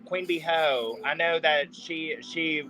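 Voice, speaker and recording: A man's voice: a little high, slow, pushed and bright, rough recording. Hesitant, agreeable male co-host. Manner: hesitant, filler-heavy, agreeable. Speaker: podcast co-host. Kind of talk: casual chat.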